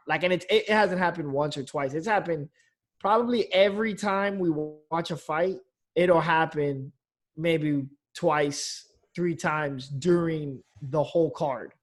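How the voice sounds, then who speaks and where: Man, comedian, fairly high voice, casual podcast chat, rambling, fillers, mild swearing. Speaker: comedian guest.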